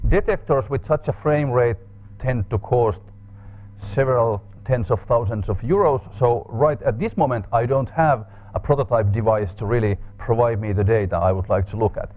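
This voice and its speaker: In a seminar room, a man gives an academic talk, explaining hesitantly and thinking aloud with frequent fillers and restarts. His voice is mid-range and a little mellow, at normal speed.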